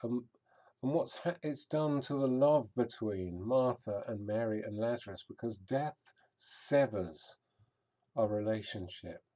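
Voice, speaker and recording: A male vicar preaching a sermon at an unhurried, deliberate pace. His voice is mellow and warm, mid-pitched, thoughtful and reflective, with pauses as he works through the passage.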